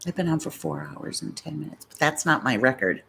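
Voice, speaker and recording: A middle-aged woman with a notably low voice hosts a casual live-stream. She rambles happily from one story to the next and stops now and then to answer viewers' comments. She sounds relaxed and talkative, like she is chatting with friends. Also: fairly quick, gravelly, slight background noise. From Massachusetts, USA. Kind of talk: casual live-stream chat while eating.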